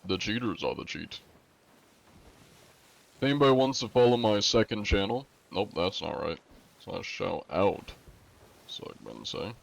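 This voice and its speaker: A man's voice: on the low side, very animated, a little slow, gravelly, pauses often. A man streaming a game live from a room at home, chatting playfully and jokingly greeting his viewers by name. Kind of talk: casual live-stream chat.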